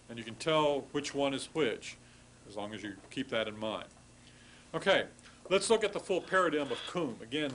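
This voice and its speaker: A man giving a recorded classroom lecture on grammar, explaining patiently, sounding out word forms slowly, and apologizing wryly for irregular forms. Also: mid-range voice, slight background noise, low-quality recording. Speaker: language instructor.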